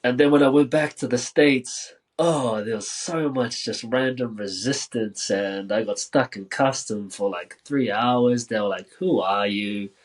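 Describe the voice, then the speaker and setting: A man from New Zealand, a podcast guest telling a story casually, with many filler words and lively quoted dialogue. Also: mid-range voice, unhurried, few pauses, rough recording.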